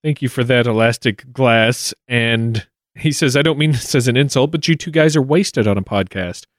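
A man's voice: medium pitch, no echo, studio quality. A man co-hosting a podcast, bantering playfully and reading listener mail. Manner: playful, laughing, quick asides. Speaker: podcast co-host.

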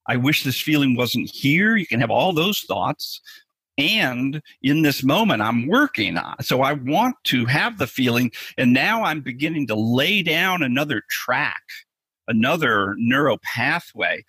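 A man's voice: medium pitch, sing-song, measured pace, sharp tone, slightly rough, no echo. A man speaking as a therapist, explaining his approach earnestly in an interview and thinking aloud with restarts.

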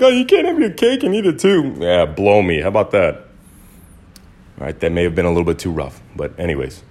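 Man, podcast host, lowish voice, blunt, casual monologue, swears a bit. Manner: blunt, swears, animated when quoting others. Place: Los Angeles.

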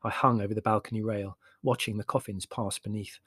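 A man narrating an audiobook in a measured, wry storytelling voice. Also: on the low side, steady tone, fairly bright tone, husky, no echo, clean studio sound.

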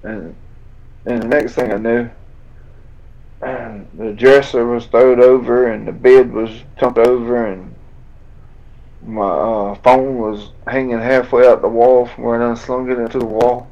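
A man, a fighter telling a painful story in an interview, drawling and halting as he acts out old conversations. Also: medium pitch, steady tone, dark tone. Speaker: bare-knuckle fighter guest. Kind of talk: emotional storytelling in a podcast interview. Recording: dull lo-fi audio.

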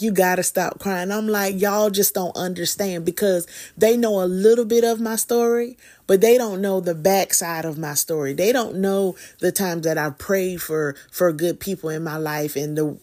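A middle-aged woman, telling a personal story in a chatty, animated way as a podcast host. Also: mid-range voice. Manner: animated, chatty, with Southern slang. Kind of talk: casual storytelling monologue.

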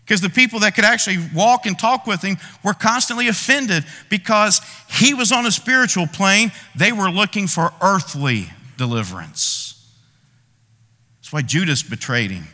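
A man preaching in a large church, his high, very bright voice ringing through a long hall reverb. He acts out people's prayers and complaints with dramatic pauses. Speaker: pastor. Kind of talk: sermon.

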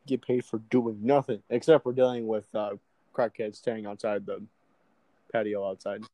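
A man's voice: fairly low pitch, level tone, normal speed, warm tone, dry recording, poor audio. A young man in casual chat, chiming in with blunt, crude jokes. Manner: joking interjections, blunt and crude.

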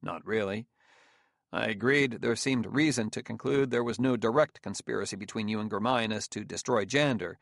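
A man voicing a weary, stubborn middle-aged detective who speaks in a measured, guarded way in an audiobook reading. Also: lowish voice, gravelly, fairly bright tone, no room sound, studio quality.

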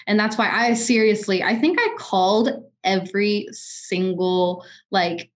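A woman's voice: mid-range voice, measured pace. A woman in her twenties in casual podcast chat, telling personal stories candidly and often restarting her sentences. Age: 20s.

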